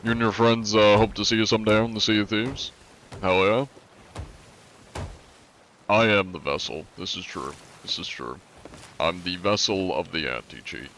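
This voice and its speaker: Congested, low-voiced male streamer. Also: normal speed, long pauses, fairly bright tone, slight background noise. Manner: loose and chatty, swears freely. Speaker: live streamer. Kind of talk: casual gaming livestream chat.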